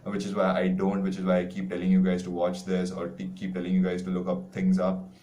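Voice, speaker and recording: A man's voice: low voice, completely flat delivery, a little fast, dark tone, rough recording. A man teaching an online class, talking earnestly in a rambling way with many "like" fillers. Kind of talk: online video lecture.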